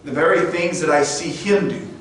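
High-voiced pastor preaching in an echoey church. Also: male voice, moderate pace. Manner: earnest, with frequent restarts and stumbles. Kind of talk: sermon. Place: church sanctuary. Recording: echoey church room, distant mic, faint noise.

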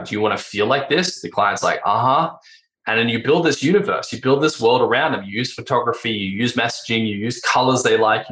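Podcast guest, male, lowish pitch, bright energetic delivery, rhetorical, echoey room. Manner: energetic, rhetorical, acts out clients' voices. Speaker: branding agency founder, podcast guest. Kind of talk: podcast interview explanation.

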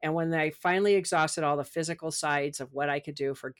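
Speaking low and brisk with fairly even intonation, the middle-aged woman talks as a podcast guest and author. In this easygoing spiritual interview she covers spirit and personal growth animatedly, performing the part of her inner voice.

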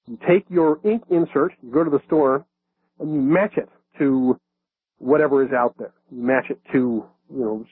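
A man's voice: mid-range voice, breathy edge, no room sound. A man explaining self-defense grips in a casual, conversational teaching manner, with frequent fillers and restarts. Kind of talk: casual instructional talk. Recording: dry, narrow phone-like sound.

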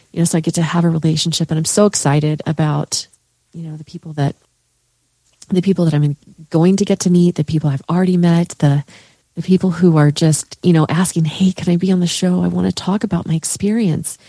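A woman coach appears as a podcast guest, her fairly low, warm voice rambling through heartfelt conversation full of fillers and restarts. The studio sound is clean, with no room sound.

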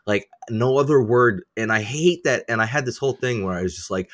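A man co-hosting a podcast in casual chat, animated, laughing often and swearing freely at himself. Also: medium pitch, a little fast, hardly any pauses. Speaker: podcast co-host.

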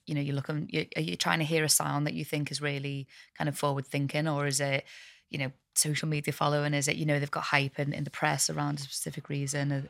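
An interviewer asks long questions that wander and restart. The voice stays flat in pitch and has a gravelly edge. The sound is close and dry. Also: fast, dry recording.

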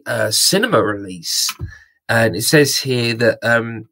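A man's voice: medium pitch, a bit bright. Rambling, apologetic man hosting a podcast. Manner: rambling and apologetic, chatty asides. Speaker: film news podcast host. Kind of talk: casual podcast chat.

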